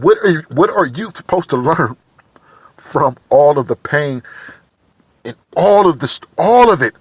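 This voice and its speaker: A man talking to camera in a halting, repetitive confessional monologue, emotional and searching for words. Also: on the high side, fairly bright tone, no room sound. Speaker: vlogger.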